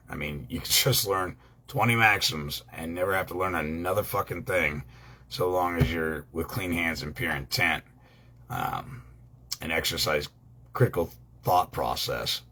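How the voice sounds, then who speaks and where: Deep-voiced man, rambling casual talk. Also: bright, forceful tone. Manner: rambling, frequent ums and uhs; blunt, casual swearing. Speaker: online law educator.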